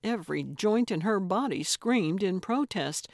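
A woman narrating a cozy mystery audiobook in a measured, storytelling manner. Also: medium pitch, animated, no echo, clean studio sound. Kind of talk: scripted narration.

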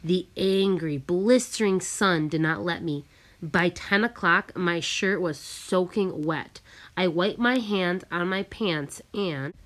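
A woman reads a chapter of a story aloud in a measured, careful way. Her voice sits on the low side, and she narrates steadily from line to line. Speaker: audiobook narrator. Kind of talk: storybook reading.

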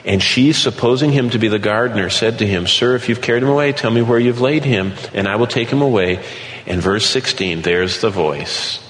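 A man preaching an earnest sermon, slowing down to read scripture aloud. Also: on the low side, fairly bright tone. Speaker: pastor. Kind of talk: sermon teaching. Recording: echoey hall with light background noise.

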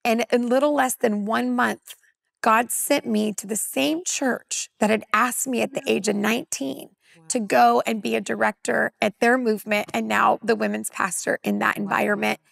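A woman in her forties from California, a women's pastor, telling a personal testimony on a talk panel as a lively storyteller who acts out dialogue. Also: a little high, normal speed, creaky, dry recording.

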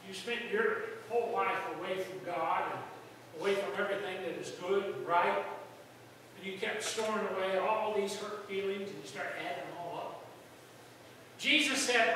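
A male pastor preaches in a folksy, storytelling way, his high voice bright and ringing. He breaks into sudden loud outbursts. The sound carries a long hall echo and comes from well away from the mic. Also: normal speed, slight background noise. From United States. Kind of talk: sermon. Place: church sanctuary. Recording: echoey hall from far off.

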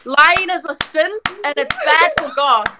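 Teasing high-voiced New woman. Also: a little slow, heavy background noise. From New Zealand. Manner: teasing, argumentative, talks back. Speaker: video chat stranger.

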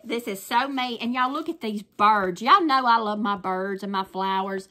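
A grandmother with a Southern US accent, chatting warmly and effusively to her viewers about crafts in a casual vlog. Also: medium pitch, normal speed. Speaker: crafting vlogger.

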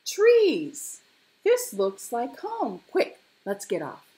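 A woman's voice: medium pitch, expressive, slow, warm tone, slightly rough, voice pushed up, exaggerated voice. A woman voicing a frightened, lost little male tiger cub in a storybook, whimpery and anxious. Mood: excited.

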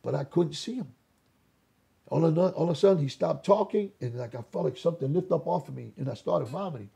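An older man with a very raspy voice, giving an animated personal testimony as an interview guest, acting out dialogue and restarting his sentences often. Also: on the high side, quick pace. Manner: re-enacts dialogue, repeats words and restarts often. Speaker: interview guest, former gang leader.

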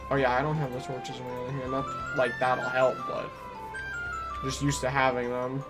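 A man streaming a game live, chatting excitably, muttering to himself and to his chat. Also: mid-range voice, moderate pace, loud music behind the voice. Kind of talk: live gameplay commentary.

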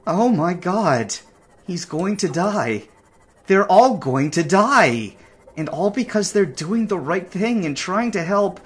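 A man voicing a stranded space survivor who mutters to himself in a halting way. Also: mid-range voice, sing-song, slightly rough, heavily acted. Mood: despairing. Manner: talks to himself, halting, rising to panicked shouts. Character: stranded male space survivor, anxious and curious. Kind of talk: acted game narration.

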